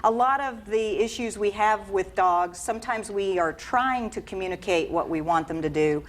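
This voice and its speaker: Calm instructive woman dog trainer. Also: medium pitch, normal speed. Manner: calm, instructive, warmly coaching. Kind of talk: explaining on a TV show. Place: TV studio.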